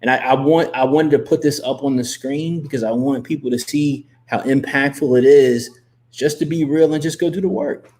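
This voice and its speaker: A man hosting a live interview as a coach, talking emphatically and repeating himself as he gives shout-outs and pep talk. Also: mid-range voice, normal speed. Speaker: host and coach. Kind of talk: motivational livestream talk.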